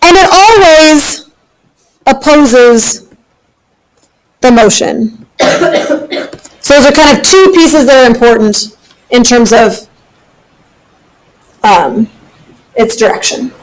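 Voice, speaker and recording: A woman's voice: sits high, expressive, slow pace, pauses often, rough recording. A woman teaching a physics class, upbeat and often checking in with her students. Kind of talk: classroom lecture.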